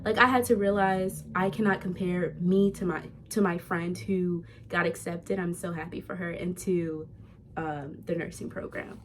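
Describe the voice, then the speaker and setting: A woman's voice: lowish voice, steady tone, moderate pace, slight background noise. A young woman, a nursing student, talking candidly and chattily to her viewers in a casual vlog. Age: young adult.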